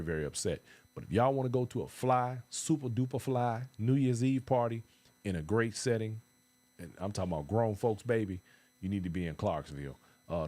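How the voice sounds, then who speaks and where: A man hosting a casual live-stream talk show, hyping events and calling out viewers in loose slang. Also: sits low. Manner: lively hype with call-outs to viewers. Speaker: host.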